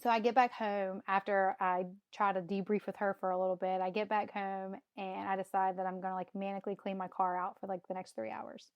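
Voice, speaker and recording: A woman's voice: medium pitch, level tone, a little fast, hardly any pauses, no echo, lo-fi sound. A woman in her thirties telling her own story as a podcast guest, acting out her past reactions and laughing often. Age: 30s. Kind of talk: casual storytelling.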